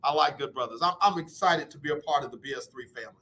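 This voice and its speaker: Male radio host, casual talk, high bright voice, animated delivery. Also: rapid-fire. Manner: animated, acts out both sides of talks.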